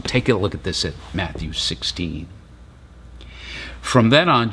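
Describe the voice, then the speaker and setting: A male pastor giving a sermon, retelling scripture in relaxed, casual storytelling. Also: on the low side, husky.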